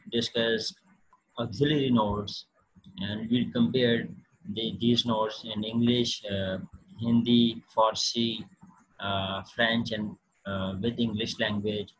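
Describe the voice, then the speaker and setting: A man giving a recorded linguistics lecture, talking haltingly with many fillers and restarts. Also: lowish voice, a bit bright, slightly rough, poor audio.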